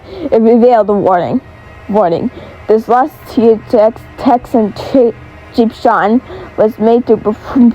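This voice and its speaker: A woman telling a homemade creepy story in a halting, stumbling way, restarting words. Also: a little high, dull audio.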